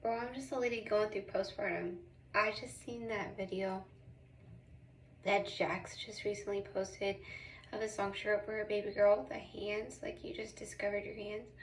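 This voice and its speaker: A woman's voice: mid-range voice, fairly even intonation, moderate pace, distant mic, slight background noise. A woman who is a mother, rambling through an emotional confessional vlog in casual slang, close to tears. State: tearful and emotional. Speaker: vlogger, mother. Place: small bathroom. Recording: echoey bathroom, voice off-mic.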